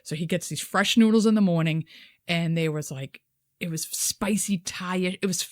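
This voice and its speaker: A woman, co-hosting a podcast and telling animated, profane stories full of acted-out quotes. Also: lowish voice, normal speed, no echo, studio quality. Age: 50s. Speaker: podcast co-host. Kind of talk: casual chat.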